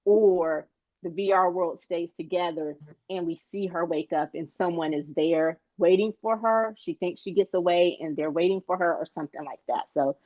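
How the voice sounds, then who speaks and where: A woman's voice: lowish voice, moderate pace, no echo, phone-quality sound. A woman co-hosting a movie podcast, chatting casually and tripping over her words now and then. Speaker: podcast co-host. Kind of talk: casual chat.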